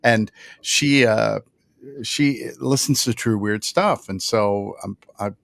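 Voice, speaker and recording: A man co-hosting a podcast livestream, talking casually in a halting, rambling way. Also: fairly low pitch, vocal fry, a bit bright, no room sound, studio quality. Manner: rambling, halting, many restarts. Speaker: podcast co-host.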